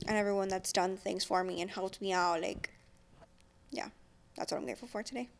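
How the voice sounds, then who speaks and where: Soft, hesitant young woman chatting. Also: mid-range voice, brisk, vocal fry. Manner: soft-spoken, hesitant, with many ums. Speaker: co-host. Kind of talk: casual chat.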